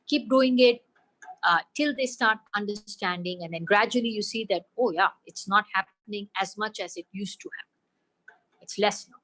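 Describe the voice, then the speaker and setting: Indian woman, slightly high voice, calm expert explaining to parents on a video call. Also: low-quality recording. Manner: patient, explanatory, mixes in Hindi phrases. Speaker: expert answering parents' questions. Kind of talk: webinar Q&A advice.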